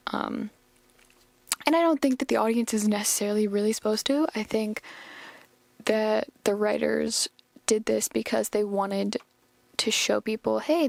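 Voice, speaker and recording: A woman's voice: mid-range voice, creaky, dry recording. A woman hosting a podcast, recapping an episode in a rambling, chatty way full of fillers. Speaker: podcast host.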